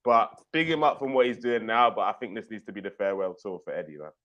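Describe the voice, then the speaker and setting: A man's voice: lowish voice, lively intonation, fast talker, fairly bright tone, dull audio. A man joining a casual football live stream as co-host, laid-back and slangy as he gives his opinions. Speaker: co-host guest.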